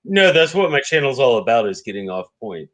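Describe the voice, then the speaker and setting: A man's voice: medium pitch, big pitch swings, brisk, a bit bright. A man in a casual book chat who stammers, repeating words as he starts his points. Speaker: podcast co-host.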